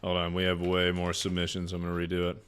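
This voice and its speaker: A man's voice: sits low, completely flat delivery, fast talker, fairly bright tone, clean tone. A young man streaming live, giving loose advice to his chat in a joking, rambling way with plenty of swearing. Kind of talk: casual livestream chat.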